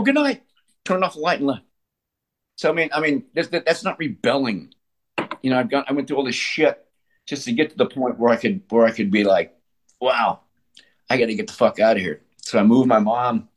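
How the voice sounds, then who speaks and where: A man in his sixties telling his story as an interview guest, blunt and profane, often restarting his sentences. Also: mid-range voice. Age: 60s. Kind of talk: candid conversational storytelling.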